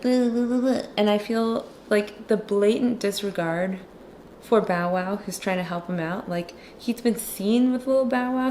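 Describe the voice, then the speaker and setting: Slight background noise accompanies a woman with a mid-range, darkish voice. An illustrator and movie commentator, she draws while chatting casually and sarcastically about a movie, peppering her talk with "like".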